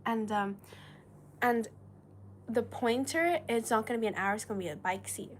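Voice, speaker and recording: A woman's voice: fairly high pitch, moderate pace, slight background noise. A woman whose first language is Chinese, hosting a casual livestream and reading viewer comments in a giggly, hesitant way. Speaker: livestream host.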